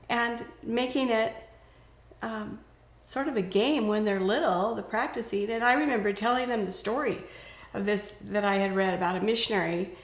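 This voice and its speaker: Older woman giving earnest parenting advice. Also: mid-range voice. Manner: earnest, storytelling, acts out quoted lines. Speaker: parenting speaker. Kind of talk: casual conversational advice. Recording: roomy echo.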